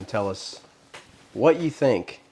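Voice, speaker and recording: A man's voice: medium pitch, animated, slow pace, darkish tone, slightly rough. A man co-hosting a casual podcast, teasing his partner with dry banter. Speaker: podcast co-host. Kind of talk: casual chat.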